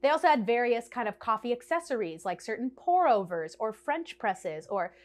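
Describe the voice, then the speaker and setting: A woman chatting to camera in a bubbly, animated way, telling a storytime to her viewers and laughing often. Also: on the high side, moderate pace. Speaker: vlogger. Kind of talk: casual storytime chat to camera.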